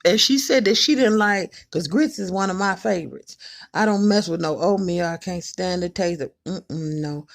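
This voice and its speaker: A woman in her forties from Cleveland, telling folksy, animated family stories to the camera and hushing her voice to mimic her mother. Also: on the low side. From Cleveland, Ohio. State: emotional, choked up at times. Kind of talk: personal storytelling to camera.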